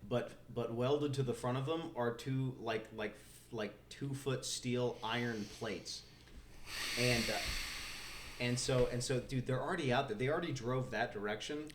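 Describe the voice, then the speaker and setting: A man's voice: medium pitch, noisy background. Laid-back young man riffing jokes. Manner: quick riffing, builds on jokes, laughs often. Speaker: comedian podcast co-host. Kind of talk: casual comedic banter.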